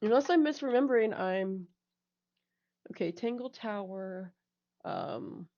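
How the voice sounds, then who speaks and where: A woman's voice: mid-range voice, lively intonation, unhurried, lo-fi sound. A woman chatting casually between roleplay scenes, rambling, giggling and correcting herself as she goes. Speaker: roleplay partner. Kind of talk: casual chat during voice roleplay.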